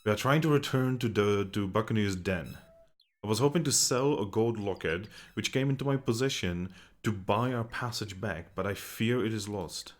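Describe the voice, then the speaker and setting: A man's voice: on the low side, normal speed, close to an everyday voice. A man voicing a stranded traveler in a fantasy game, reading archaic lines aloud. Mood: worried. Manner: archaic formal speech, read aloud. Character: stranded traveler hoping to sail home.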